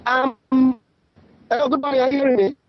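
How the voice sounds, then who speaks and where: An older caller calling a radio show over the internet, making firm, rousing declarations. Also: male voice, very high voice, little pitch movement, a little fast, muffled recording, slight background noise.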